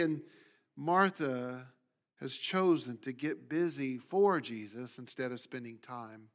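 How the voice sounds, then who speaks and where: A man preaching a sermon as pastor, speaking with animated emphasis and sometimes voicing the complaints of people in the story. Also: on the high side, unhurried.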